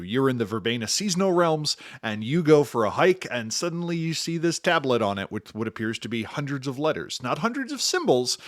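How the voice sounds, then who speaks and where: A man co-hosting a podcast, explaining tabletop game lore in animated storytelling. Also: mid-range voice, no room sound, studio quality. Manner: animated storytelling, slips into silly voices. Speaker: podcast co-host. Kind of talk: casual podcast discussion.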